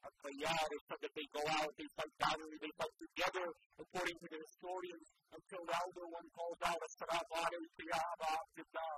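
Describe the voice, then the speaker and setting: High, fast-talking man preaching a sermon. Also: flat delivery. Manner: impassioned, rising in loudness as the story builds. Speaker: sheikh. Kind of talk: Muharram majlis sermon, recounting tragedy. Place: mosque hall in the UK. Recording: loud background noise.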